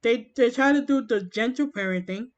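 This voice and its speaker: A woman in casual chat, rambling with many halting restarts. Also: a little high, muffled recording, crowd noise.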